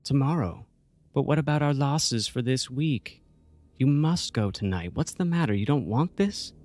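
A man's voice: medium pitch, lively intonation, normal speed, a little mellow, dry recording, voice pushed up, lightly acted. A man voicing a manipulative, cold middle-aged mother who coaxes in a syrupy way. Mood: pushy. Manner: syrupy, coaxing, calls everyone darling.

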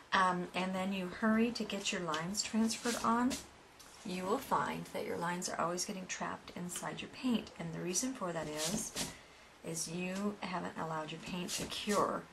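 Gravelly-voiced woman teaching painting. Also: on the low side, noisy background. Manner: chatty, step-by-step instruction with asides. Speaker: painting instructor. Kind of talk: painting tutorial.

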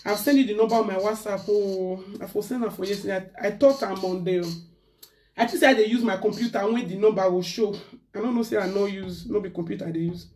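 A chatty Nigerian woman talks straight to her viewers, ranting in a mix of pidgin and English. Her voice sits in a middling pitch range. She is heard from a little way off the mic, giving a distant sound. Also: fast, darkish tone. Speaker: live stream host. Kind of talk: casual live-stream rant.

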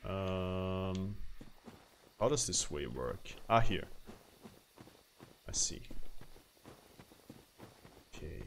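Male streamer, low voice, unhurried self-talk, lively pitch, frequent laughs and startled gasps. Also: slight background noise. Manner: muttering to himself, laughing often, sudden startled gasps. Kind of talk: casual gameplay commentary.

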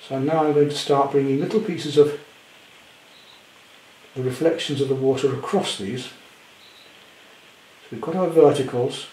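A man demonstrating a painting at home, chatty with gentle self-deprecating humour. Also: a little high, roomy sound, a little hiss or hum, rough recording. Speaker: art teacher. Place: indoor studio at home.

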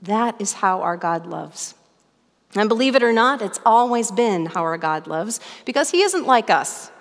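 A middle-aged woman from northern Minnesota preaching a sermon as pastor, telling stories in an earnest, animated way. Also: medium pitch, big-room sound. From northern Minnesota, USA.

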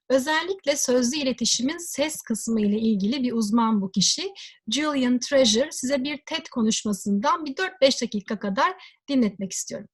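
A woman lecturer explaining communication at a measured pace, pausing often with fillers. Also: high-pitched, husky. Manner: measured, with frequent hesitation fillers. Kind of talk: recorded lecture.

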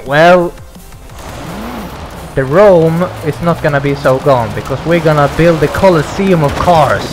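A young man rambles through let's play commentary, exclaiming and swearing often. His voice sits a little high, and racing game music plays clearly behind him. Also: lively intonation, unhurried. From Sweden. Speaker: gaming YouTuber. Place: home gaming setup, no face cam. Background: racing game music and engine sounds.

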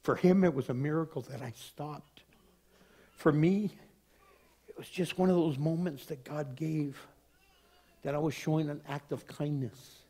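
A man's voice: fairly high pitch, a little slow, long pauses, dark tone, breathy edge. An older man, a pastor giving a sermon in a conversational, storytelling way.

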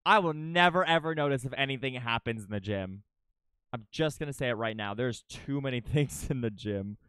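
A young adult livestreamer giving excitable, casual commentary during gameplay, thinking aloud, swearing freely and chatting with viewers. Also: mid-range voice, moderate pace, smooth, no echo, studio quality.

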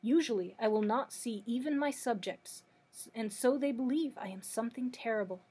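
A woman's voice: fairly high pitch, moderate pace, dark tone, husky. A woman voicing a timid little old man who pretends to be a great wizard, speaking meekly and trembling. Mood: explaining. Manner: trembling, pleading, meek. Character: blustering little old male humbug wizard.

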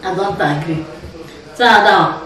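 A woman's voice: on the low side, fairly quick, a bit bright, far from the mic. A woman with a Nigerian accent, chatting and teasing in a casual family vlog, laughing often. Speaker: vlog host, mother. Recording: echoey room, off-mic.

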